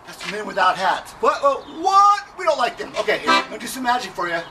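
An American man clowning through a joking video greeting, swinging between shouts and mumbles. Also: sits high, animated, fast, distant mic, music in the background. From United States. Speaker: comedy musician. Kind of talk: jokey video greeting with song parody.

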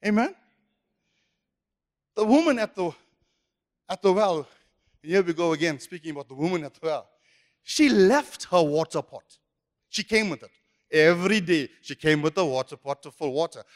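High-voiced preacher in echoey hall. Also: male voice, expressive, normal speed, long pauses. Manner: emphatic, repetitive preaching. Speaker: pastor. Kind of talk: sermon. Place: church hall.

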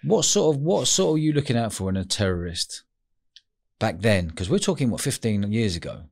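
A man's voice: lowish voice, sing-song, a little fast, vocal fry, a little mellow. A man hosting a podcast, asking short, prompting questions in a casual interview. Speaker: podcast host.

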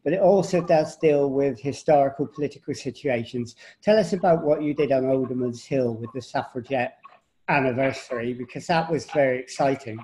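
A man co-hosting an interview, relaxed and talkative. His voice is mellow and warm, with a middle pitch. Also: moderate pace, slight background noise, poor audio. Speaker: co-host. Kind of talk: casual interview talk.

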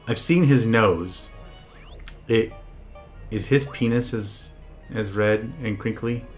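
A young man streaming a party video game with friends, chatting casually and breaking into loud, profane outbursts at the game. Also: lowish voice. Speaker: VTuber streamer.

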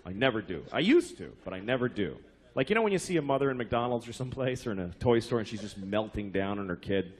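A man's voice: fairly low pitch, very animated, quick pace, breathy edge. A man in his forties doing a stand-up comedy routine, ranting in an exasperated, profane way. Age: 40s.

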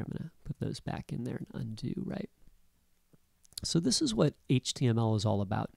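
Male tutor, gravelly mid-pitched voice, relaxed explainer, dry close-mic sound. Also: no room sound. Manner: casual, keeps checking in with "right?" and "okay?". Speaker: instructor. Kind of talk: screen-recorded coding tutorial.

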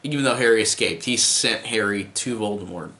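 A man's voice: fairly low pitch, fairly quick, bright, forceful tone. Rambling enthusiastic man reviewing a movie. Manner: enthusiastic, rambling, many fillers and restarts, briefly acts out quoted lines. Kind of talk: casual movie review, retelling scenes.

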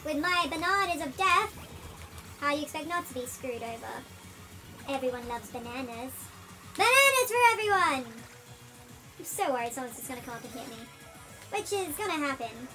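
An Australian woman host giving chatty, excitable let's-play commentary, her voice sped up to a chipmunk pitch. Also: brisk, faint music behind. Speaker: gaming channel host.

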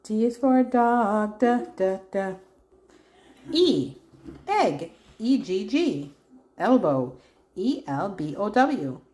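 A woman's voice: medium pitch, big pitch swings, slow pace, long pauses, darkish tone. A woman reading a first-words workbook aloud to her child, spelling out words letter by letter in a sing-song way. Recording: roomy echo.

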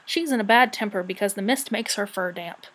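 A woman voicing a calm, sleepy male dragon who speaks slowly in a rather hoarse voice. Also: mid-range voice, natural voice.

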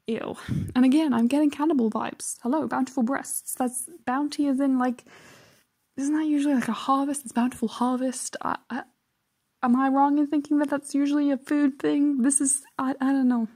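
Woman host, reaction commentary, sarcastic, exasperated, slips into whispers, fairly high voice. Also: fairly even intonation, normal speed, warm tone.

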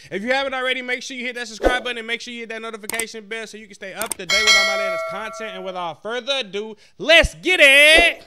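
A man's voice: high voice, flat delivery, racing, hardly any pauses, very noisy. A man hosting a reaction video, joking loosely and talking straight to his viewers. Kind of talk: casual reaction commentary.

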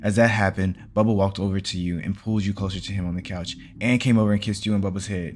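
A man narrates a second-person fan story in a plain, steady way. His voice sits very low in pitch. A faint hiss of background noise stays under the reading. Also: quick pace. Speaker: story reader. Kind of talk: reading fan fiction aloud.

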